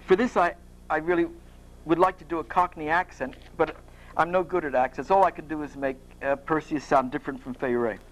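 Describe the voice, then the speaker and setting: A man's voice: a little high, steady tone, fairly quick, poor audio. A man reading his own fiction aloud at a university, with a dry, wry delivery. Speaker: author giving a reading. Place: university lecture hall.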